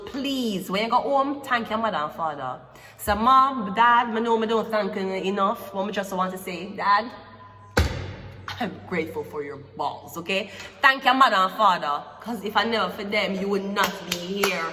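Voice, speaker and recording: A woman's voice: medium pitch, normal speed, bright, forceful tone, soft background music. A woman giving a casual tarot reading in a playful, teasing and rambling way, with frequent swearing. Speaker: tarot reader. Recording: echoey room with long reverb.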